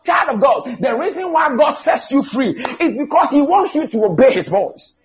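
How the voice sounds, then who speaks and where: Male preacher, very high animated voice, shouts and stretches out scripture; muffled church recording. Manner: shouting, drawn-out emphatic Bible quotes. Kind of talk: fiery sermon. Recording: dull lo-fi church recording with faint music.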